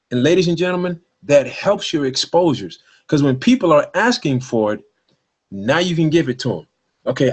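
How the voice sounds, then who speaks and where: A man's voice: fairly high pitch, slightly rough. A man giving a sales training talk, emphatic, repeating his points and checking in with his listeners. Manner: emphatic, repeats points, asks "all right?". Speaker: network marketing trainer.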